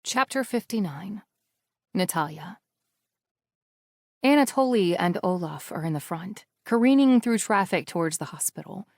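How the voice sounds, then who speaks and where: A woman's voice: lowish voice, expressive, measured pace, pauses often, a little mellow, dry recording, clean studio sound. Woman reading an intimate first-person audiobook. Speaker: audiobook narrator.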